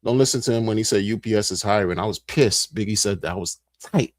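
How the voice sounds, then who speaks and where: A middle-aged male streamer tells a casual story animatedly, repeating phrases and acting out what people said. His voice is on the low side and fast, captured in a dry recording.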